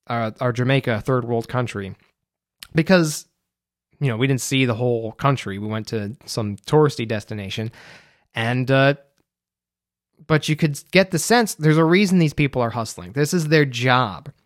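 Here a young man from the United States hosts a podcast by himself, loose and rambling, with frequent fillers. He speaks in a mid-range voice at normal speed. The sound is dry and clean, as in a studio.

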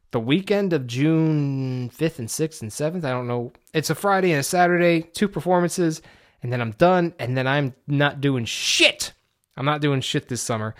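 A man's voice: mid-range voice, a bit bright. A man in a casual, rambling vlog monologue, profane and self-deprecating. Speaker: vlogger; amateur stage actor.

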